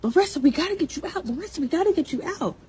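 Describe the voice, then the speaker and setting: Woman doing a frantic, high panicked passenger. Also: animated, rapid-fire, a little mellow, a little hiss or hum. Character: panicked young woman shouting from a back seat.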